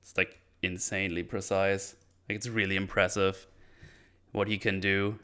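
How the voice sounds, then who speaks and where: A man's voice: sits low, level tone, bright, forceful tone, smooth. A man casually recapping a martial arts film, rambling and swearing freely. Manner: rambling, swears freely, puts on quick voices for characters. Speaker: film reviewer.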